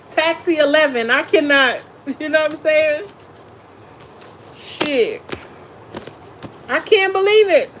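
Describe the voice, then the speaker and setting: A woman's voice: high voice, lively intonation, very slow, pauses often, fairly bright tone, a little hiss or hum, poor audio. A woman tarot reader chatting casually on a live stream, laughing often and talking in a blunt, slangy way. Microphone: phone or webcam on a live stream.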